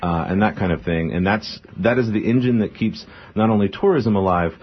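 A man's voice: on the low side, breathy edge. A man who owns a brewery, guest in a radio interview, talking earnestly with many "uh"s. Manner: fast, filler-heavy, earnest. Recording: dull lo-fi radio sound.

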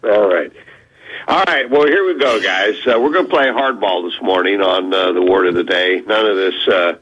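A man phoning in to a radio show as the word-of-the-day guest, teasing and animated, spelling words out slowly. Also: fairly low pitch, slightly rough, highs cut off. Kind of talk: playful phoned-in radio segment.

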